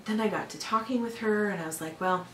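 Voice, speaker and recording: A woman's voice: medium pitch, fast, a bit bright. A young woman telling a personal story in a casual vlog, chatty and full of filler words, growing exasperated at times. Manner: chatty, lots of fillers, exasperated when retelling. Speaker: vlogger. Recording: echoey room, a bit far from the mic, faint hiss.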